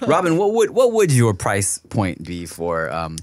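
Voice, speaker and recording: A man's voice: fairly low pitch, huge pitch swings, a little slow, darkish tone, no room sound. A man hosting a podcast, chatting casually and making crude jokes with laughter. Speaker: podcast host. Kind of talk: casual chat.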